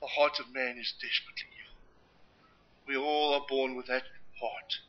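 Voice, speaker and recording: A man preaching a sermon with impassioned, emphatic delivery and dramatic swings between loud and quiet. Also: medium pitch, level tone, normal speed. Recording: dull lo-fi recording.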